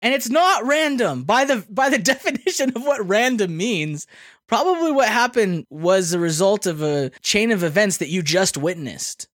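A man co-hosting a podcast in casual chat, animated and quick, laughing often. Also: high voice, dry recording, studio quality. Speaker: podcast co-host.

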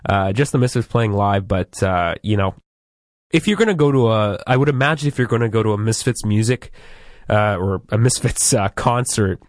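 A man's voice: on the low side, lively intonation, normal speed, dry recording. Dry-sounding man recapping a cartoon. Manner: wry, chatty plot recapping with hedges. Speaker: podcast host recapping episodes. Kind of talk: casual chat.

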